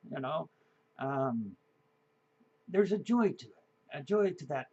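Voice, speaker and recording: Chatty fifties man, slightly high voice. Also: animated, slow, pauses often, a little mellow, slightly rough, highs cut off. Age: 50s. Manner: chatty, rambling with frequent fillers and chuckles. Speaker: vlogger. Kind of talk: casual storytelling.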